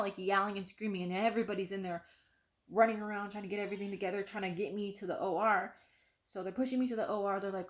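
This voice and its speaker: A young woman recounting a personal story straight to the camera at home. Her pitch sits mid-range for a woman, and she leans into quoted dialogue with a lively, conversational delivery, peppered with "like". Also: brisk. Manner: animated, acts out quoted voices, frequent "like". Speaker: vlogger.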